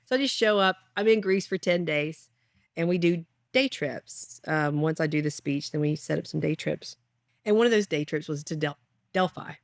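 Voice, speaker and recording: Storytelling woman, lowish voice. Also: normal speed, no echo, clean studio sound. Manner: animated storyteller, acts out voices. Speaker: ketamine clinic founder. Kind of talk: personal storytelling.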